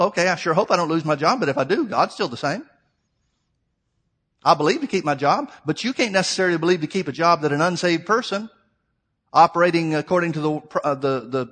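A middle-aged preacher delivering a sermon to his congregation, moving between scripture reading and plain, conversational explanation. His voice sits a little higher than most men's. He keeps asking rhetorical questions and calls his listeners "folks.". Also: fairly bright tone, breathy edge.

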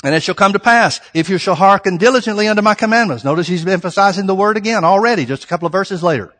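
A man preaching a sermon, reading scripture slowly and pressing his points with rhetorical questions to the congregation. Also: sits high, animated, fairly bright tone, big-room sound. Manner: reads scripture slowly and deliberately.

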